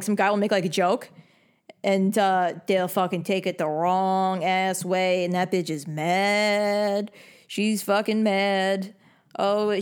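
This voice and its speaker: A young woman from New York giving blunt, bossy advice in a casual rant full of swearing. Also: mid-range voice. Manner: blunt and heavily profane; bossy, lecturing.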